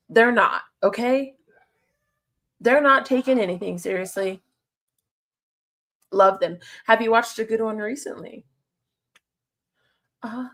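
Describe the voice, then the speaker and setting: A woman chatting casually on a livestream, answering her chat and laughing often. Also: a little high.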